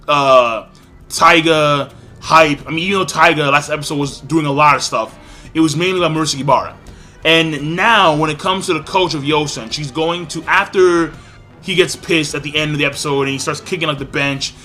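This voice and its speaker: An excitable man talks through a casual review in a bright, forceful voice that sits a little high. He keeps breaking into acted-out lines with sudden leaps in pitch. Faint music plays underneath. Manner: excitable, acts out characters' lines with big pitch jumps. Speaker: anime reviewer.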